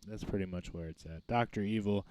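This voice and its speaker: A man's voice: fairly low pitch, brisk, mellow, a little hiss or hum. A man co-hosting a comedy podcast, upbeat and slangy, joking around in casual chat. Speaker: podcast co-host.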